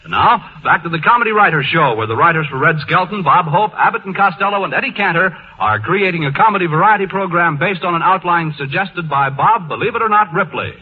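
A male radio announcer reading a scripted 1940s ad in a smooth, persuasive way. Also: high voice, lively intonation, a little fast, hardly any pauses, slight background noise. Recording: muffled old radio broadcast.

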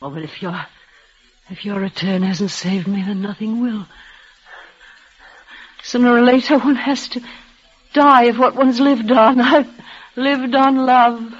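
An actress voicing a dying, devoted young woman in an old radio drama, speaking in breathless, halting, emotional bursts. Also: on the high side, husky. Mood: resigned, tender. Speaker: leading lady in a radio play. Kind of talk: 1940s radio acting. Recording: dull lo-fi old radio recording.

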